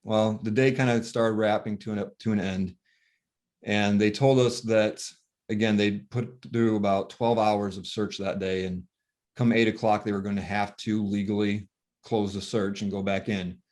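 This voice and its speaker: A man recounting a painful family story as a father, talking softly and haltingly with many pauses and fillers, sounding worn and tired. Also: on the low side, little pitch movement. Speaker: grieving father telling his story. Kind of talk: emotional personal storytelling.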